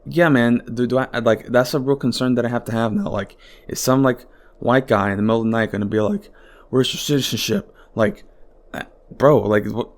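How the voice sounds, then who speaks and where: A man's voice: mid-range voice, brisk. Rambling, profane male podcast host. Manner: rambling, profane and exasperated, heavy filler words. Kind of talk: casual solo podcast monologue.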